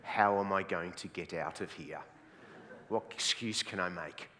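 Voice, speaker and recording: A man's voice: medium pitch, fairly even intonation, moderate pace, sharp tone, long reverb tail, lightly acted. A man voicing an anxious churchgoer who mutters fretfully to himself about escaping. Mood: panicked. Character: anxious reluctant male churchgoer.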